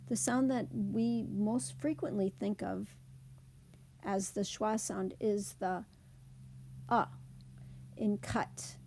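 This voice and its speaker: A woman teaching a slide presentation lesson, explaining slowly and carefully. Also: mid-range voice, steady tone, gravelly, mellow, slight background noise. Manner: slow, careful, deliberate explanation.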